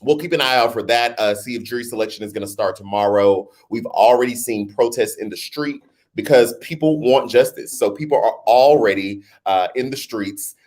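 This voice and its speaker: A man's voice: medium pitch, moderate pace, a little mellow. A man hosting a casual live-stream chat, talking straight to his viewers, now and then slipping into a playful newscaster voice. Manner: chatty, talks straight to viewers, laughs at himself; jokingly puts on a newscaster voice. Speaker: host.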